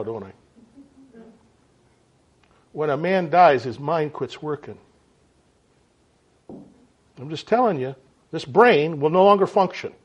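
Folksy animated preacher, lo-fi. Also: male voice, a little high. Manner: folksy, animated, frequent "right?" and "okay?" to the audience. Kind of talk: sermon. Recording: dull lo-fi sound.

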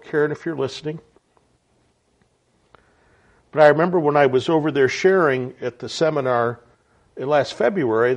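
A man giving a reflective spoken sermon message in an earnest way, with frequent stammered restarts. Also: mid-range voice. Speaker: preacher.

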